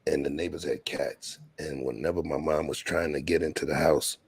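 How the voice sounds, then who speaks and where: A man hosts a casual streamed chat, speaking low and gravelly. His voice is a little husky, and the sound is dry and close. He tells long, easygoing stories in street slang. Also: flat delivery, normal speed, no echo. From Brooklyn, New York. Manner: laid-back storytelling in street slang. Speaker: show host.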